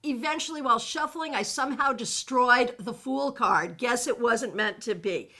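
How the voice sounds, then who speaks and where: A woman teaches tarot in a live online workshop, reading out viewer comments as she goes. Her voice sits high and bright and swings widely in pitch. She talks in an animated way, laughs easily and trails off into frequent ums and restarts. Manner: animated, laughs often, many fillers and restarts.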